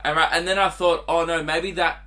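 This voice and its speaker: Man, young adult, solo podcast host, rambling and giggly, slightly high voice, bright tone. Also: steady tone, a little fast. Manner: rambling, giggly, crude jokes. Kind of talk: casual solo podcast monologue.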